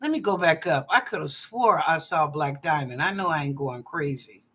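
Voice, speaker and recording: A woman hosting live online psychic readings from her apartment, animated and playful, drawing out phrases with chatty asides. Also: deep voice, moderate pace, breathy edge. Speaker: psychic reader and show host. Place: apartment at home.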